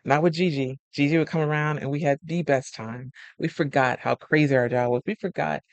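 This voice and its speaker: A man's voice: fairly high pitch, a little fast, creaky, no echo. Chatty man coaching on friendship. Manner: animated storyteller acting out quoted friends; chatty, laughs often. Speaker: life coach. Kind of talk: casual advice monologue.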